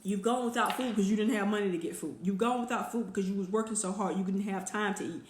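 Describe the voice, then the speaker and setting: A woman hosting a weekly motivational live stream, speaking straight to her viewers in an energetic, conversational way. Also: medium pitch, quick pace, echoey room, a little hiss or hum.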